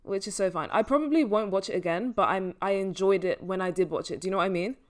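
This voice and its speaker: A woman's voice: medium pitch, quick pace. A woman co-hosting a casual movie review podcast, easygoing and hedging, with lots of fillers. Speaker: podcast co-host.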